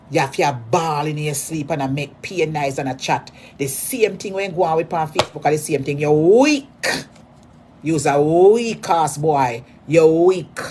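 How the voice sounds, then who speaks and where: A Jamaican woman delivering a mocking, repetitive rant at a rival, hurling insults in sudden loud bursts. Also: deep voice, slight background noise. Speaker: social media personality.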